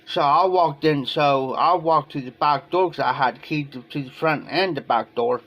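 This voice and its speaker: Ohio guy rambling thru a story on his livestream, kinda high voice. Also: normal speed, lo-fi sound. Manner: rambling, repeats "I said" between quoted lines. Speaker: livestream host. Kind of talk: casual storytelling on a live stream.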